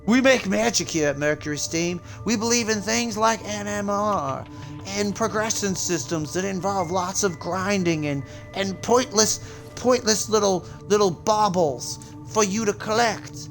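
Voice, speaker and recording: List. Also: male voice, unhurried, faint music behind. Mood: boastful. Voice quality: mock-proud sales pitch. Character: smug male game-company spokesman, fake Spanish accent.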